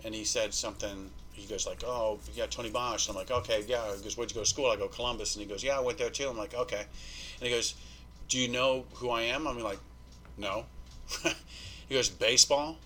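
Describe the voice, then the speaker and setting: Animated, swearing male podcast guest. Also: medium pitch, fairly quick, slight background noise. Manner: animated, swearing, acts out quoted dialogue. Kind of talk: storytelling interview.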